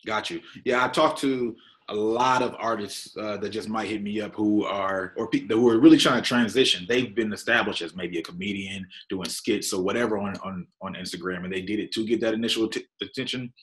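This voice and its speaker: Chill guy host, lowish voice, easygoing interview chat, laughs a lot. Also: fairly quick, few pauses. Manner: relaxed, conversational, laughs easily.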